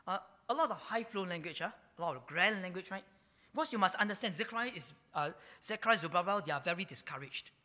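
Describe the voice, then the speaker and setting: A male preacher, his voice high and pushed hard with a sharp, forceful edge. He delivers his sermon in bursts, sinking into hushed asides and repeating phrases while he searches for words. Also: animated, quick pace, long reverb tail. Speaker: pastor.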